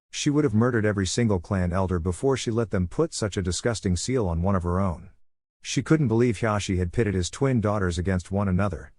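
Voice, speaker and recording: A man reading a fan fiction story aloud in a steady, even narration. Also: lowish voice, no echo, studio quality.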